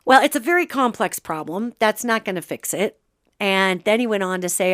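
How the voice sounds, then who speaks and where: A Montana woman hosts a podcast of casual spiritual commentary, chatting with animation and breaking off to act out quoted remarks. Her mid-range voice moves at normal speed, and the recording is dry and studio quality.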